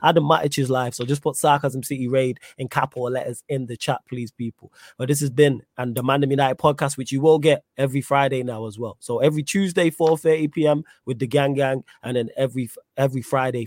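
A man hosting a football podcast, rattling off shout-outs and channel plugs in casual slang. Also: mid-range voice, no echo, studio quality. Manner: energetic, rapid promo shout-outs in slang. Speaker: podcast host.

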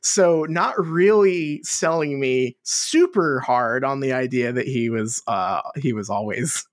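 A man's voice: mid-range voice, takes it slowly, no echo, clean studio sound. A man co-hosting a podcast, talking casually with swearing and frequent laughter. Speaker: podcast co-host. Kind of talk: casual chat.

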